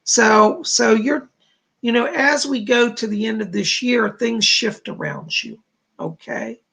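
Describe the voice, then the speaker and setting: Man, psychic livestream host, gravelly, husky, reassuring, chatty. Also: very high voice, sing-song, takes it slowly, sharp tone. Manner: reassuring, addresses viewers by name, many fillers. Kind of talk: livestream readings, answering viewer donations.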